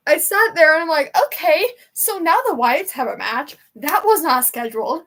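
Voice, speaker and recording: A woman's voice: high-pitched, moderate pace, a bit bright. Chatty young woman livestream host. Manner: rambling, emotional, chatty fan talk. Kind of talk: casual chat with live chat. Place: home.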